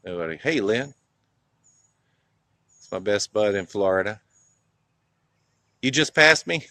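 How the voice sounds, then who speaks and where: Outdoors in a small town, a livestream vlogger from North Carolina talks casually in his Southern US accent, calling out viewers by name and laughing often as he reminisces. His voice is low-ish, expressive, pushed and bright, and he takes it slowly. There's no echo.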